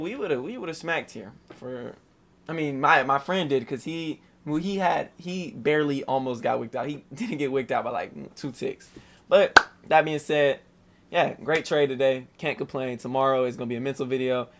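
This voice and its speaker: With a creaky voice, a young man casually goes over his day trade on a screen share. He's animated and slangy, swearing often and saying "boom" again and again.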